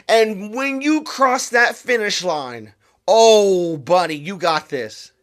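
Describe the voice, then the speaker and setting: A man's voice: high voice, expressive, slow pace, a bit bright. A man hosting a podcast, giving a fervent motivational talk that urges the listener directly. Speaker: podcast host. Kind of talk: motivational monologue.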